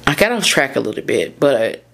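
A woman's voice: rumbling low, sing-song, moderate pace, gravelly, fairly bright tone. A woman from Tennessee hosts her own podcast alone. She talks candidly and rambles, often stopping to correct herself or lose her thread. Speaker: podcast host. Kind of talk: solo podcast monologue.

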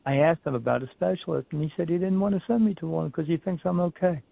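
A man's voice: fairly high pitch, fast, gravelly. A man, a medium, talking as a guest in a casual interview, rambling through stories and acting out what people said. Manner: rambling storyteller, repeats and restarts, acts out quotes. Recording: phone-like remote call audio.

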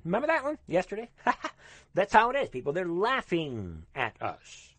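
In this ranting political monologue, a somewhat high-voiced commentator rambles with fervor, repeatedly addressing his audience with urgency and emphasis. His pitch swoops wildly, his speed is normal, and the voice is a bit bright. The recording is dry, without room echo.

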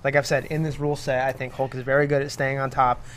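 A man on a podcast panel who talks in a measured, analytical way during casual chat. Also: medium pitch, flat delivery, fairly bright tone, a little hiss or hum.

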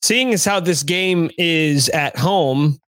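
A man's voice: a little high, takes it slowly, a bit bright, no echo. A man hosting a sports podcast, chatting casually with a wry, sarcastic edge.

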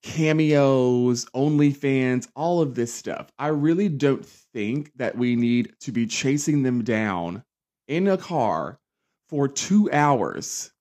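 A young man hosting a casual solo pop culture podcast, sassy and campy, dramatic, often jumping up into high mocking voices. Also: expressive, takes it slowly, a little mellow. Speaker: podcast host.

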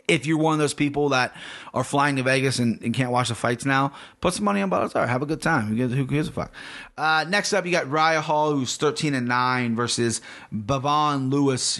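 A man's voice: mid-range voice, fairly bright tone. Rambling, profane man podcasting fight picks. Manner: rambling, profane, self-correcting, off the cuff. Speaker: podcast host picking fights. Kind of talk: casual solo podcast, fight predictions.

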